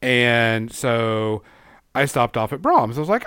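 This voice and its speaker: A man's voice: mid-range voice, sing-song, slow pace, fairly bright tone, smooth, no echo, clean studio sound. A man co-hosting a podcast, complaining in a casual, profane rant. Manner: ranting, profane, exasperated complaining. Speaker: podcast co-host. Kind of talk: casual chat.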